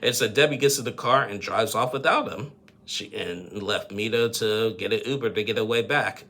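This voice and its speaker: A man's voice: fairly low pitch, moderate pace, fairly bright tone. A man giving a casual, rambling recap of a reality show, full of fillers and laughs.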